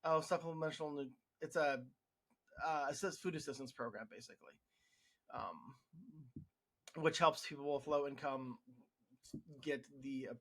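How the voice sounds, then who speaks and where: A man who works in healthcare speaks his mind in a frustrated, sarcastic monologue. His voice sits a little on the high side, and he restarts his sentences often. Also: measured pace, pauses often. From United States. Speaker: healthcare worker podcast host. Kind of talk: opinion monologue.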